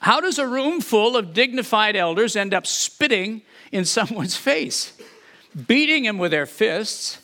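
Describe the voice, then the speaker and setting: Male preacher, high bright voice, animated teaching delivery. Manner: animated, acts out quotes, rhetorical questions. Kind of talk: sermon, expository Bible teaching.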